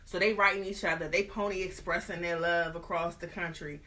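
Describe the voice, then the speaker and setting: A woman host retelling a story in an animated, slangy, comic way. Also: on the low side, brisk, hardly any pauses. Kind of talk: casual storytelling.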